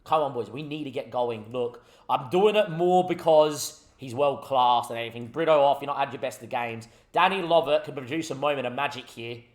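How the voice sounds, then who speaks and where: A young man giving animated live commentary on a football management game as a gaming YouTuber, talking at the players on screen. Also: mid-range voice, brisk, hardly any pauses.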